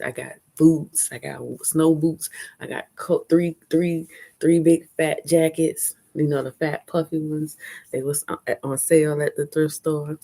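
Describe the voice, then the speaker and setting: A chatty woman talks candidly to her live-stream viewers. Her voice sits low for a woman, and she laughs often as she goes. She is recorded outdoors on a phone held at arm's length. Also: dark tone. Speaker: vlogger hosting a live stream. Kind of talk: casual live-stream chat. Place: outdoors at a fair.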